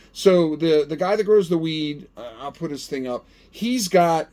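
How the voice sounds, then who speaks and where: A middle-aged man talks his way through a hands-on product test, loose and chatty. His voice sits a little higher than most men's, and he keeps up an animated running commentary. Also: measured pace, few pauses. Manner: chatty and animated, talks to himself while testing. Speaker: gardening channel host. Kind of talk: casual product-testing vlog.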